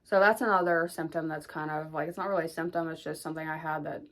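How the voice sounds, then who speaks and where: A woman's voice: low voice, steady tone, quick pace. A young woman rambling casually through a pregnancy update vlog, full of "like" and restarts, a little out of breath. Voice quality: rambling, filler-heavy with lots of "like". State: slightly out of breath. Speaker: vlogger.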